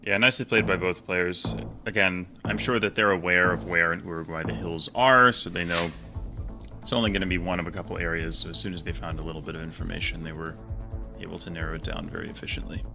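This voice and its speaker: A man casting a competitive geography game, giving calm, analytical commentary. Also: sits low, fast, gravelly, music in the background. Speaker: esports caster.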